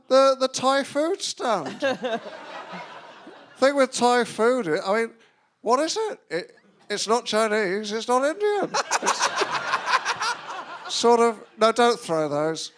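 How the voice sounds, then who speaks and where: A man's voice: very high-pitched, very noisy, full character voice. A man putting on a bumbling male stand-up comic doing a rambling, hesitant festival set, full of ums and trailing asides, as a live comedy impression. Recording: live show with loud audience laughter.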